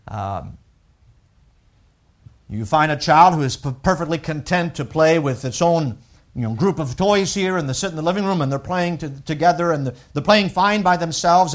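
Male preacher, high voice, very expressive pitch, building emphatic sermon delivery. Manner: reads scripture slowly, then preaches with rising emphasis and repetition.

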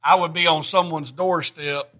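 A man's voice: a little high, fairly even intonation, normal speed, pushed and bright. A middle-aged man preaching a sermon, folksy and plainspoken, rising to emphatic bursts.

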